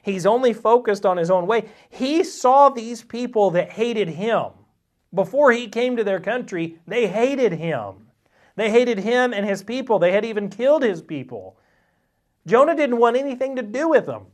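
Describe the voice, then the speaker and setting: A man teaches a Sunday school class in a conversational, folksy way. He gets animated, pushing his voice up high when he acts out what people in the story say. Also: normal speed. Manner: animated, acts out quotes with a rising voice. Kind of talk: Bible lesson.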